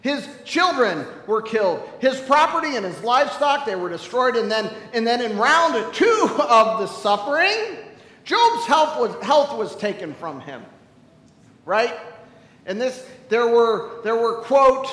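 A man preaching a sermon as a pastor, telling stories animatedly and swinging from loud to hushed. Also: very high voice, very animated, unhurried, echoey room, long reverb tail, low-quality recording.

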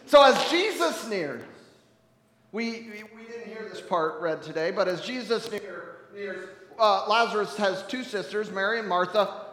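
A man's voice: high-pitched, fairly bright tone. Preaching man in an echoey hall. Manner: conversational, wry asides. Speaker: pastor. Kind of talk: sermon.

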